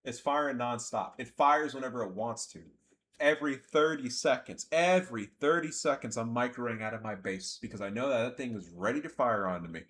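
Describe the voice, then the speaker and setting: A young man giving sarcastic, ranting gameplay commentary, jumping from yelling outbursts to low mumbling. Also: fairly quick, a little hiss or hum.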